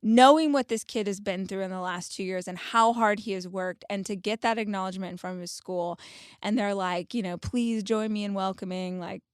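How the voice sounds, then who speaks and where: A woman in her forties hosting a podcast, telling stories in an animated, expressive, casual way. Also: medium pitch, a little fast, clear, resonant tone, dry recording, clean studio sound. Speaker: podcast host. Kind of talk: casual chat.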